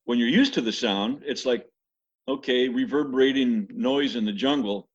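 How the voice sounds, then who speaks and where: An older man tells stories in a loose, rambling way, full of restarts and asides. His voice is a little husky, and the recording sounds dull and lo-fi. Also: mid-range voice, normal speed. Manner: rambling, many restarts, imitates animal screams. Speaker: interviewee recalling mission life. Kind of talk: casual storytelling.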